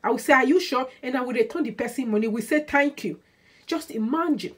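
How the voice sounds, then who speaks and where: A woman talks straight to camera in a casual vlog. Her voice sits a little on the high side. She leans hard on her points, repeating phrases over and over in an aggrieved, insistent way. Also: lively intonation, quick pace. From Nigeria. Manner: emphatic and repetitive, aggrieved. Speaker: hair oil seller and beauty vlogger. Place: indoors, lives in Sweden.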